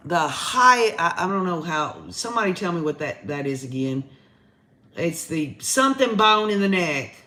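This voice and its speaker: A woman's voice: on the low side, very animated, moderate pace, bright, forceful tone. A woman with a Southern American accent hosting a casual livestream, chatting straight to her viewers. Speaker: livestream host. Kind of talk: casual live commentary.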